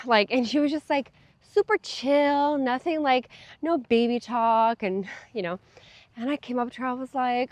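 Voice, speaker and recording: A woman's voice: fairly high pitch, moderate pace, a little mellow, no room sound. Chatty young woman vlogger, dry sound. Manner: chatty, many fillers and laughs. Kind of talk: casual talk to camera.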